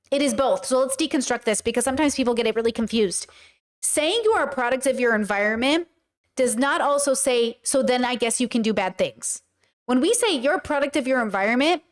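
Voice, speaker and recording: A woman talking to her livestream chat in a blunt, emphatic way, swearing casually as she comments. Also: fairly high pitch. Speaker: streamer and commentator.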